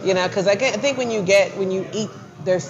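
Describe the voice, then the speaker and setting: A man's voice: high voice, quick pace, lo-fi sound. A man co-hosting a casual talk show, chatty and agreeable, often trailing off mid-sentence. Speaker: co-host. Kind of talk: casual chat. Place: bar lounge.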